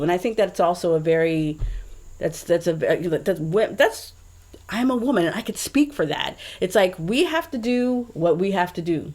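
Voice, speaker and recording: A woman's voice: fairly low pitch, lively intonation, normal speed. A woman co-hosting a podcast in casual chat, telling a story with chatty asides. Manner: chatty, reads quotes aloud, trails into asides.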